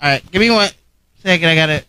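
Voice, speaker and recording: A woman's voice: fairly low pitch, quick pace, sharp tone, clean tone, poor audio. A woman co-hosting a casual podcast, joking crudely and bursting into laughter. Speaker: co-host.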